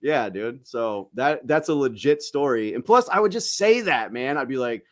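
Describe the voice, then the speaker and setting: A man's voice: medium pitch, moderate pace, hardly any pauses, no room sound, clean studio sound. A young man on a podcast, telling a profane anecdote in casual chat and acting out what other people said. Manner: profane, animated anecdote-telling with acted-out quotes. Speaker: podcast co-host.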